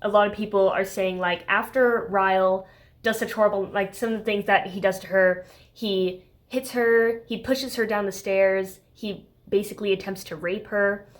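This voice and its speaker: A woman's voice: medium pitch, steady tone, moderate pace. A woman reviewing a book in a casual vlog, talking in a heated, exasperated way with lots of "like" and "okay?".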